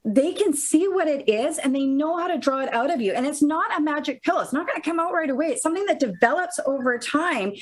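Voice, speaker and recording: A woman's voice: high voice, lively intonation, brisk, hardly any pauses, rough recording. A woman co-host speaking earnestly and encouragingly in a podcast conversation.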